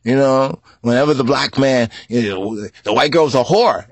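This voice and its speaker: A man's voice: a little high, fairly quick, few pauses, slightly rough, dry recording. Man teaching scripture, asking "right?" again and again. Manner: repetitive, asks "right?" constantly, spells out word meanings; rising to loud outbursts. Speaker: religious teacher.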